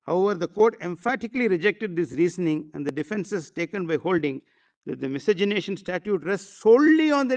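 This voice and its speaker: High-pitched lawyer arguing in court, keeps saying my lord, some uhs and ums. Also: male voice. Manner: formal, constantly addressing the bench, hesitant fillers. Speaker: advocate arguing before judges. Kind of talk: courtroom legal argument.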